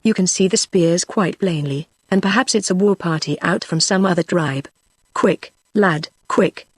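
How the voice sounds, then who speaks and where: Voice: mid-range voice, measured pace, breathy edge, dry recording, clean studio sound. A text-to-speech voice reading the lines of an earnest, anxious young adventurer. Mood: urgent.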